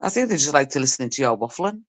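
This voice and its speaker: A middle-aged woman hosting a live stream from a streaming mic, chatting casually and spinning stories. Her pitch climbs and dips freely as she talks. She slips into voices of the people she describes. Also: sing-song, fast.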